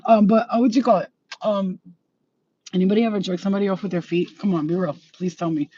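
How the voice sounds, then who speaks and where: A woman hosting her channel, telling stories to viewers in a profane, laughing, animated way. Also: medium pitch, fast, muffled recording, slight background noise. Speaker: channel host. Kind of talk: casual storytelling to viewers.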